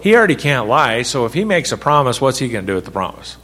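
A man teaches a small church group in an easy, conversational sermon style. His voice sits at an ordinary middle pitch. He keeps asking the group questions and repeats key lines for emphasis. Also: very animated, quick pace, fairly bright tone. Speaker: pastor leading a Bible study.

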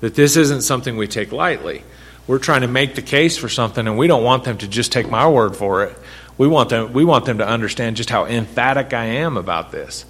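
A man's voice: mid-range voice, expressive, brisk, a bit bright, husky. A man leading a Bible study, talking conversationally, asking the group questions and repeating his points for emphasis. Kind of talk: interactive sermon teaching.

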